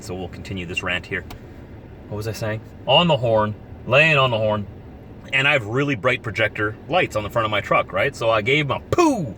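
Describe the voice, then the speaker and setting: A truck-driving man talks straight to his camera in a loose, chatty vlog. His pitch jumps around a lot as he tells the story, and he keeps breaking into exasperated outbursts. Faint traffic hum sits under his voice. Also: bright, forceful tone. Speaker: truck driver vlogger. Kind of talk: casual vlog rant.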